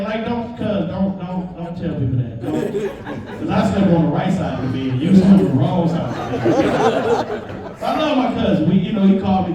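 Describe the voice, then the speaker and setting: High-voiced guy doing standup, animated, bit far from the mic, big crowd laughing. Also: moderate pace, heavy reverb. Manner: animated, talks straight to the crowd. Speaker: stand-up comedian. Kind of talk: stand-up comedy set. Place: live comedy club with audience. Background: audience laughter.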